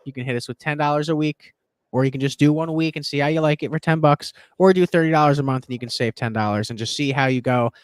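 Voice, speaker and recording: A man hosting a casual sports betting chat, excitable and profane, rambling as he pushes his picks. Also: fairly high pitch, fast talker, smooth, no echo. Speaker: podcast host and betting tipster.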